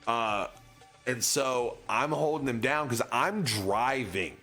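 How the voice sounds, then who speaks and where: A man's voice: mid-range voice, expressive, takes it slowly, bright, forceful tone, faint music behind. A young man streaming, telling a long casual story in a rambling way, full of filler words.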